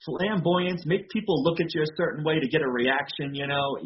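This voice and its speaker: A man's voice: a little high, steady tone, a little fast, dull audio, slight background noise. Rambling male wrestler guest. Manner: rambling, fillers of "you know". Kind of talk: casual interview talk.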